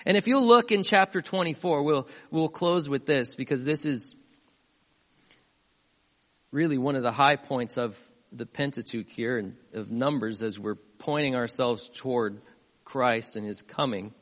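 A man pastor delivering a sermon, retelling a scripture story in an animated way, with asides to the congregation. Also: mid-range voice, measured pace. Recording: long hall reverb.

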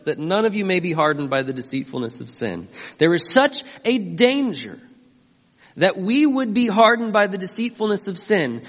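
A man's voice: high-pitched, long reverb tail. A man preaching a sermon as pastor, emphatic and often asking his listeners questions. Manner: emphatic, asks the congregation questions.

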